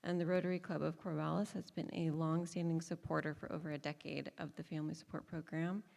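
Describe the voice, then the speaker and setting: A woman's voice: deep voice, flat delivery, fast talker, gravelly, a little mellow. A woman from a foundation giving a friendly, filler-heavy report at a school board meeting. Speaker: foundation staff member. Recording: echoey meeting hall.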